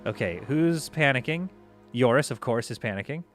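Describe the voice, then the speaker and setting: A man commentating live over a space strategy game, giving orders to his crew and reacting out loud as things go wrong. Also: medium pitch, normal speed, faint music behind. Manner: excitable, talks to himself and his crew while playing. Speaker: gaming streamer.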